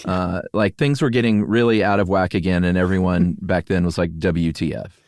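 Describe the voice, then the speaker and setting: Deep-voiced man co-hosting a podcast. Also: a little fast, no echo, clean studio sound. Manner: relaxed, laughs often, many fillers. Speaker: podcast co-host. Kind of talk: casual conversational podcast chat.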